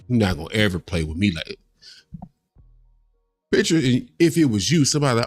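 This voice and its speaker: A low-voiced man hosts a livestream and reacts to clips in a casual, profane rant. His delivery is animated and heated. The sound is close and dry, with faint music underneath. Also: fairly quick, pauses often, slightly rough, no echo.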